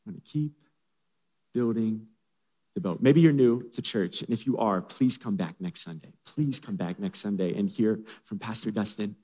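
A man's voice: on the low side, normal speed, hardly any pauses, dark tone, breathy edge. A man preaching a sermon as a pastor, with dramatic, humorous storytelling, in an echoey hall.

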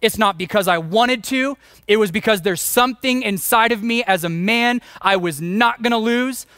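Male pastor, 40s, high-pitched, dry close-miked; emphatic self-mocking storyteller in the pulpit. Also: moderate pace, bright, forceful tone, clean tone, no room sound. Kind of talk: sermon.

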